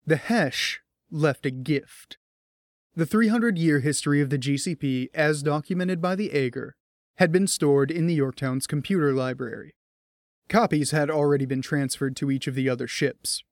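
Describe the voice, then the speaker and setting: A man narrating a science fiction audiobook in an even storytelling manner. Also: fairly high pitch, no room sound, clean studio sound. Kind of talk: scripted narration.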